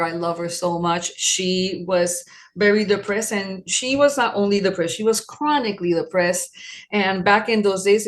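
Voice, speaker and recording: A woman around sixty from New York City, sharing her personal story as an interview guest, earnest and reflective. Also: fairly low pitch.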